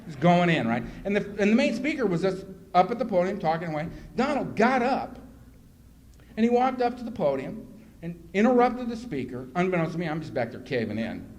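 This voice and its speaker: A man's voice: high voice, fairly quick. A man giving a personal testimony talk as guest speaker at a recovery meeting, acting out scenes with self-mocking humor. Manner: animated self-mocking storyteller who acts out scenes. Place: meeting room. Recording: noisy live room recording.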